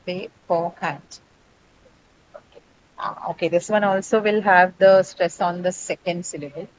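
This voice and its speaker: Woman English teacher, lowish voice, patient lecturing with fillers, faint hiss. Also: fairly even intonation, normal speed, rough recording. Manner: explanatory, frequent fillers and checking questions. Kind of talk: online class lecture.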